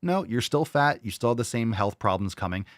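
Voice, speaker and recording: A man's voice: medium pitch, big pitch swings, brisk, no room sound, clean studio sound. A man hosting a show, ranting and mocking in combative, sarcastic commentary over video clips. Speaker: show host.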